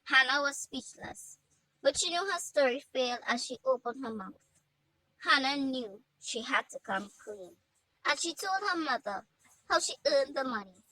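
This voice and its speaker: A woman narrating a storybook aloud in an expressive read-aloud style. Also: high voice, dry recording, poor audio.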